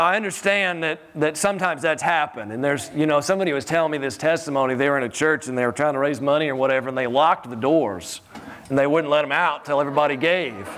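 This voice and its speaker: A man preaching a sermon in a church in a conversational, animated way, often chuckling and repeating his words. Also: a little high.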